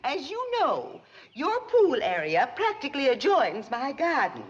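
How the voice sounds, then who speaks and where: An actress playing a fussy, snobbish middle-aged society matron with a prim, genteel manner, in a 1960s sitcom. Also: female voice, sits high, huge pitch swings, unhurried, exaggerated voice. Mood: distressed. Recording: dull old TV audio with laugh track.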